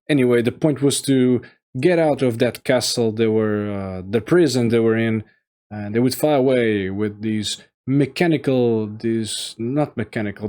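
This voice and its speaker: Brief: unhurried male reviewer, mid-range voice, stumbling and restarting as he thinks aloud. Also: medium pitch, darkish tone. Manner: halting and rambling, many fillers and restarts. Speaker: video game reviewer. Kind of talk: casual solo commentary.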